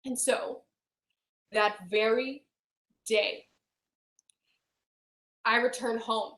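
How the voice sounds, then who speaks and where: A woman telling a painful personal story in a client intake session, often dropping to a soft near-whisper. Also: a little high, fairly even intonation, drawn-out words, long pauses. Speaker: hypnosis client. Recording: roomy echo.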